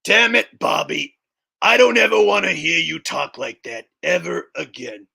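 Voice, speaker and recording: Gruff gravelly cartoon dad a guy doing an impression, strict and lecturing, bright husky tone. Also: on the high side, big pitch swings, a little slow, exaggerated voice. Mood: scolding. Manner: gruff scolding, fatherly lectures. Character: stern middle-aged cartoon dad, Hank Hill.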